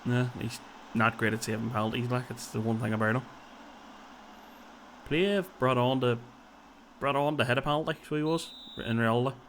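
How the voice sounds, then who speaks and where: Casting: man, mid-pitched, chatty let's-play commentary, thinking out loud. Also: steady tone, normal speed, slight background noise. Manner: chatty, thinks aloud, tags lines with "so it did" and "like". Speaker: video game player and commentator. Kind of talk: casual gaming commentary.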